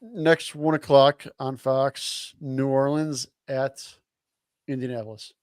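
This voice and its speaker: A man's voice: medium pitch, fairly even intonation, dry recording. Man reading out football matchups. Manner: reads matchups slowly then jokes. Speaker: podcast host. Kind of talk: casual group chat reading game picks.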